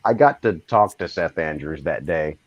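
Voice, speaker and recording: Man, low lively voice, joking live-stream guest, video call audio. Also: normal speed, no echo, highs cut off. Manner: joking, self-mocking, playful. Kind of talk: casual chat.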